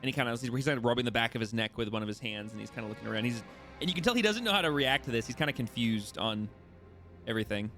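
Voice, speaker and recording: Casting: male game master, mid-pitched, loose rambling narration over music. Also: expressive, racing, a bit bright. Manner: rambling, self-correcting narration. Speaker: dungeon master.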